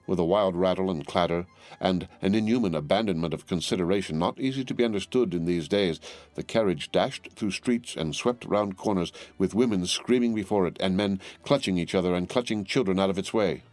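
A man narrating a classic novel as an audiobook in a measured, formal storytelling manner. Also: low voice, darkish tone, dry recording, faint music behind.

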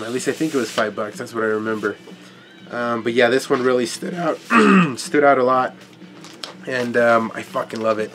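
A man's voice: medium pitch, fairly bright tone, slight background noise. Stuffy-nosed man, laid-back and swearing casually. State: stuffy from allergies, clearing throat. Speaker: vinyl record collector vlogger. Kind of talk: casual chat to camera.

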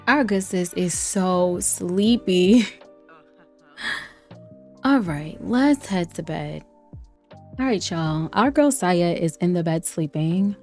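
A young woman giving casual commentary on a life-simulation game, chatty and playful, laughing often and breaking into excited exclamations. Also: fairly low pitch, slow pace, pauses often. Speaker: let's play streamer. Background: faint lofi background music.

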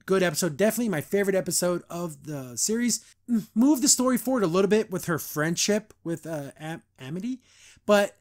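A man hosting a podcast, giving a casual, rambling episode review full of "like"s and laughs. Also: high voice. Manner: animated, rambling, frequent laughs and "like". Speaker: podcast host.

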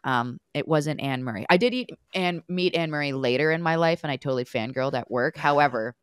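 A woman's voice: low voice, fairly quick, clear, resonant tone, no room sound, clean studio sound. A woman co-hosting a casual podcast, telling stories with energy and acting out the lines she quotes. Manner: animated storyteller who acts out quoted lines. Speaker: podcast co-host, former hockey player.

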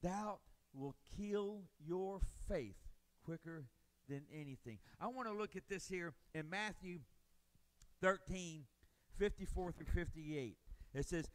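A man preaching a sermon as pastor, rising into loud passionate swells and dropping low, acting out the voices of doubters. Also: lively intonation. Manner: preaching with swells of volume and dramatic pauses; acts out voices of doubters and biblical figures.

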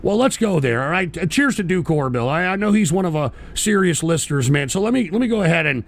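Man, livestream host, profane ranting, stammering, gravelly tone. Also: on the high side, expressive, fast talker, a little hiss or hum. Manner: profane, exasperated, stammering restarts. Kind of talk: angry livestream rant.

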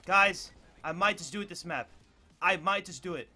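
Hyped young man with a high bright voice. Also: faint music behind. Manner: excitable, hyped, swears freely; quick running play-by-play shouts. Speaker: gaming video creator. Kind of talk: live gameplay commentary.

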